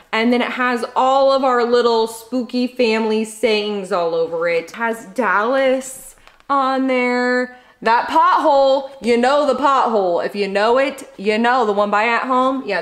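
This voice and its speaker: A young adult woman chatting casually to camera at home as she opens fan mail, gushing and excitable. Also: fairly high pitch, reverberant. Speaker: vlogger opening fan mail.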